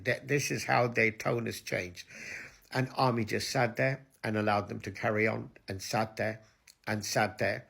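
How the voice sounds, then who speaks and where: A man's voice: fairly low pitch, fairly even intonation, moderate pace, gravelly, fairly bright tone, slightly rough. A man hosting his own video channel, ranting crudely and mockingly to camera and switching between English and Hindi-Urdu. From Pakistan. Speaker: online video host.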